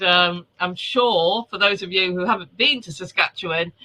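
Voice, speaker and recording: A male host with a high, pushed, bright voice is on a video call from home, heard over a rough recording. Before a virtual event he chats casually and greets viewers by name, welcoming them to a live webinar.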